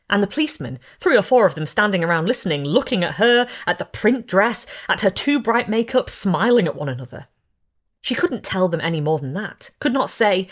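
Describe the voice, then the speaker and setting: A woman narrating a short story as a reader, telling it in a lively, dramatic storytelling way. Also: on the low side, fairly quick. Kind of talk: expressive audiobook narration.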